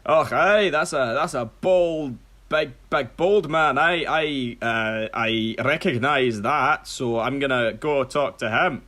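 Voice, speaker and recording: A man's voice: mid-range voice, slow, bright, forceful tone. Shrek, a bewildered ogre, as a man puts him on. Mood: impressed. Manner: bewildered, exclaiming. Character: grumpy big green male ogre, baffled. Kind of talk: comedic impression.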